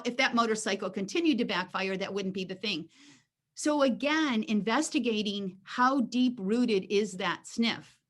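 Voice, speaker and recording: A woman dog trainer teaches a Q&A session over a video call. She is animated and keeps acting out short exchanges between dog and owner. She often restarts her sentences as she goes. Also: on the high side. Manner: animated, acts out dialogue, frequent restarts.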